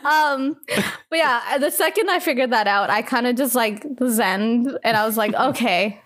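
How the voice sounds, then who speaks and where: Young canadian woman with a high voice, rambling animated story, lots of "like". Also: normal speed. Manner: animated storytelling, heavy use of "like", casual swearing. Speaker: storyteller in a casual chat. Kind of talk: casual chat.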